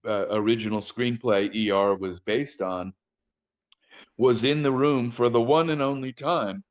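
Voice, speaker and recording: A man's voice: fairly low pitch, highs cut off. An older man speaking as a casting director guest in an interview, telling frank stories with frequent hesitations and restarts. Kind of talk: interview conversation.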